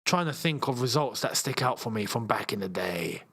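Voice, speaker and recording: A young man hosting a live football watchalong, chatting casually and reacting loudly to chances on the pitch. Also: lively intonation, moderate pace, slightly rough. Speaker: football channel host. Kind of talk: live match watchalong chat.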